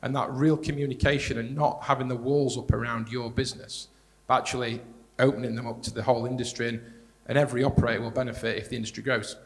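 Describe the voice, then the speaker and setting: A man with a mid-range voice takes part as a panelist, serving as director of strategic partnerships, in a live discussion held in a large hall. He talks fast and conversationally, repeating words whenever he restarts, and the recording carries the hall's reverb.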